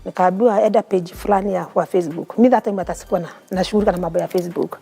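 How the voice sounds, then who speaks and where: A woman's voice: fairly low pitch, fairly even intonation, rapid-fire, creaky, warm tone, husky, soft background music. A woman with a Kenyan accent, a guest in an interview telling her personal story in an earnest, heartfelt way. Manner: mixes English and Swahili, earnest and heartfelt.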